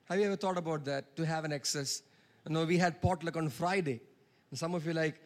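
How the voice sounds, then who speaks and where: A man's voice: a little high, brisk. A man preaching a sermon, calling for congregation responses and drawing out key words.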